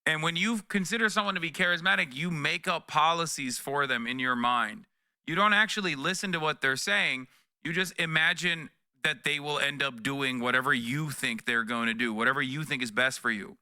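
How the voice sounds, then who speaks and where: A man's voice: a little high, bright, forceful tone, clear, resonant tone, dry recording. A man in his thirties reacting to news clips on a live stream, sarcastic and profane, close to a desk mic. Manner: profane, sarcastic, mocking voices.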